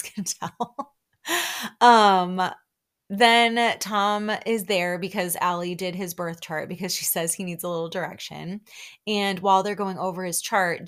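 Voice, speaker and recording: A woman's voice: lowish voice, fairly bright tone. A young woman hosting a podcast, chatting casually and gushing as she recaps a reality show, full of "like" and little laughs. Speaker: podcast host.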